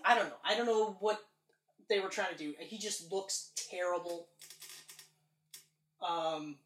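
A woman co-hosting a casual movie review chat, ranting animatedly and acting out characters' lines. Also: mid-range voice. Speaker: podcast co-host. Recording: echoey room.

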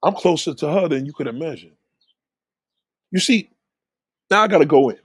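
A man telling street stories in a casual monologue, animated, acting out the voices of the people he describes. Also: a little high, moderate pace, slightly rough, no room sound.

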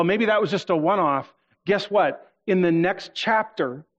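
Earnest preacher man with muffled sound. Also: high voice. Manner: earnest, leads congregation in call-and-response. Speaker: guest preacher. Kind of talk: sermon with prayer. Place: church auditorium. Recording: muffled church recording with soft music.

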